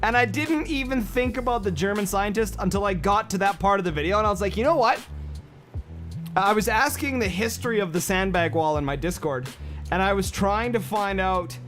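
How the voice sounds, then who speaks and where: Male game streamer, voice sits a bit high, off-the-cuff chat with chat, repeats himself, music bed audible. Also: fairly quick, fairly bright tone. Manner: rambling, reacts to chat with fillers and repeats. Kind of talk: casual livestream chat.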